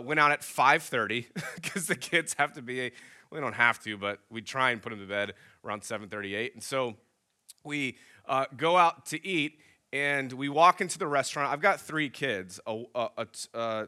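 A man's voice: mid-range voice, clear, resonant tone. A man in his thirties, a pastor, telling a story in a sermon and acting out the dialogue. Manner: animated storyteller acting out both sides of a dialogue.

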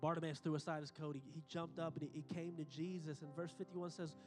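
A man preaching a sermon, emphatic, repeating phrases and building to excited peaks. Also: a little high, a little fast, faint music behind. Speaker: pastor. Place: church auditorium. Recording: long hall reverb.

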